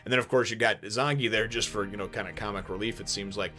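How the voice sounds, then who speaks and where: A man with a lowish voice hosts a casual manga review. He rambles through the plot with plenty of fillers and restarts, then breaks into animated bursts, with faint music under him. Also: fast talker.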